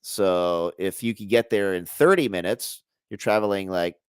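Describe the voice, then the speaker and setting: A man being interviewed as a guest researcher in a casual chat. He talks in an animated, jokey way, trailing off and restarting his sentences. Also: sits low, moderate pace, clear, resonant tone, no room sound, clean studio sound.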